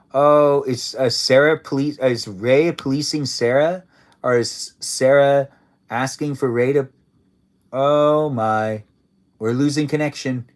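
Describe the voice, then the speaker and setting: A man hosting a casual livestream, rambling playfully and repeating his own phrases as he chats with viewers and guests. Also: medium pitch. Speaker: livestream host.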